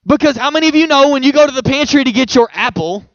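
A man's voice: very high-pitched, fast talker, no echo, lo-fi sound. A male pastor giving a sermon in a conversational, playful way, with homely examples.

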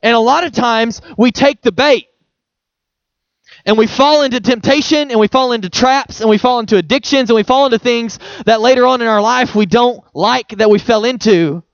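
High-voiced man preaching casually. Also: normal speed, no room sound, lo-fi sound. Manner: conversational, playful, uses folksy examples. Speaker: pastor. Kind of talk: sermon.

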